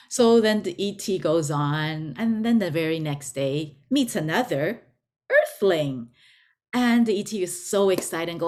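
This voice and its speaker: Slow, low-voiced woman teaching. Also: lively intonation, darkish tone. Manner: slow, deliberate, repeats words for emphasis. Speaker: spiritual teacher. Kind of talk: informal teaching talk.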